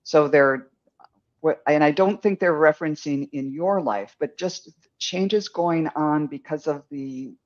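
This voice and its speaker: An older man giving a rambling, gentle psychic reading on a live stream, chuckling now and then. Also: fairly high pitch, measured pace, muffled recording. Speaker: psychic medium.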